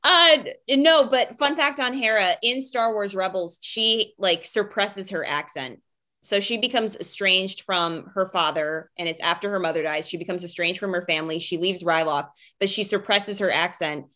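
A woman's voice: mid-range voice, moderate pace, pushed and bright. A young woman co-hosting a casual chat, giggly and gushing as she reads out viewer comments. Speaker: podcast co-host.

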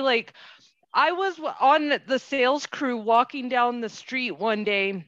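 A woman's voice: sits high, unhurried, no echo. A woman in her forties telling a story casually and acting out the exchanges in it. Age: 40s. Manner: animated storytelling with quoted exchanges. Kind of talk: casual conversation. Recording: dull lo-fi sound.

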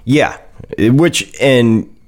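A man's voice: mid-range voice, very slow. A man co-hosting a casual podcast, joking around and telling funny stories, laughing often. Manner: jokey, laughs often, lively storyteller. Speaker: podcast co-host.

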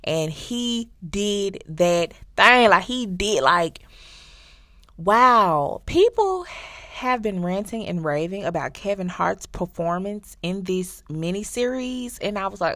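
A woman hosting a podcast, casually recapping a show in an animated, slangy way and talking straight to her listeners. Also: medium pitch, slow, no room sound, studio quality. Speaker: podcast host.

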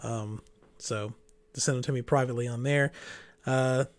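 A man's voice: medium pitch, fairly even intonation, normal speed. A man hosting a casual gaming podcast, chatting loosely and winding down the show. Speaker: podcast host. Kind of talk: casual chat.

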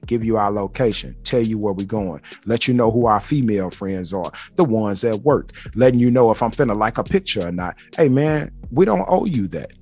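A man with a lowish, darkish voice and a breathy edge hosts a solo podcast. He rants bluntly and emphatically, with plenty of swearing.

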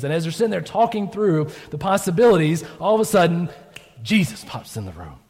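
Male pastor, conversational storyteller, acts out the dialogue, slightly high voice, church reverb. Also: expressive, quick pace, a little mellow. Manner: conversational storytelling, acts out quotes, frequent "right?". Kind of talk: sermon. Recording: long reverb of a church hall.

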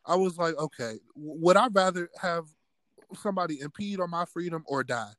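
A man's voice: on the high side, normal speed, noisy background. A man who is a guest on a casual podcast, talking in an exasperated, sarcastic way with frequent laughter. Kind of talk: casual profane chat.

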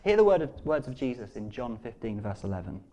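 A man preaching a sermon, moving between quiet, hushed scripture reading and rising, emphatic appeals. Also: medium pitch, very animated, brisk, a little hiss or hum.

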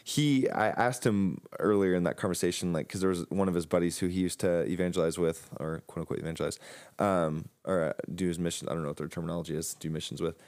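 A man's voice: low-pitched, steady tone, fast talker, darkish tone, no echo. A young man telling a story in a casual religious chat, rambling with fillers and restarts.

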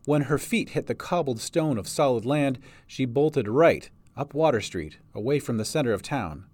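A man's voice: medium pitch, animated, normal speed, a little mellow, dry recording. A man reading a fantasy story aloud as narrator. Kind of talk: audiobook narration.

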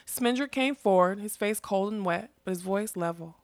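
A woman narrating a fantasy story in a steady, expressive reading. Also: mid-range voice, normal speed, hardly any pauses, no echo, studio quality. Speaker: audiobook narrator.

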